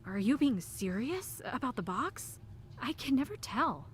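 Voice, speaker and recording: An actress voicing a young woman amateur detective in a video game, asking polite, measured questions. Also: on the high side, sing-song, a little hiss or hum. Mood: curious. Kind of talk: game voice acting.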